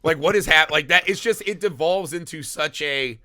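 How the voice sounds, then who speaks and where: A man co-hosting a podcast, chatting casually about a film in an animated, profane, rambling way, acting out bits of dialogue. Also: fairly high pitch, normal speed, dry recording, clean studio sound. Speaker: podcast co-host. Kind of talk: casual movie review chat.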